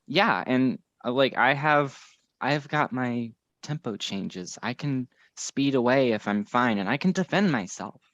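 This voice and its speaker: A man playing a tabletop game, thinking out loud in a tentative, searching way. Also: medium pitch, lively intonation, unhurried, hardly any pauses, no room sound, lo-fi sound. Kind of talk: casual chat at a game table.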